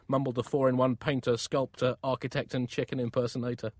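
A man co-hosting a comedy podcast, reading scripted satirical news in a deadpan, wordy style. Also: mid-range voice, fast, dry recording, clean studio sound.

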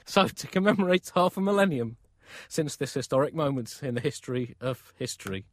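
Deadpan man reading mock news. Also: mid-range voice, fairly quick, no echo, clean studio sound. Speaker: comedy podcast co-host. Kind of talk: scripted satirical news reading.

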